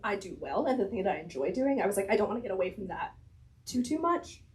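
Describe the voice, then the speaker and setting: A woman's voice: medium pitch, sing-song, fast talker, rough recording. Woman, author guest, casual interview, thinks aloud, laughs often, slightly strained voice.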